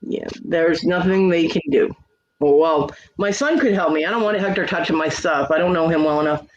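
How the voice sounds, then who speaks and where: Man, high voice, profane venting, casual stream chat, muffled lo-fi sound. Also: moderate pace. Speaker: livestream host. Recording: dull lo-fi stream audio.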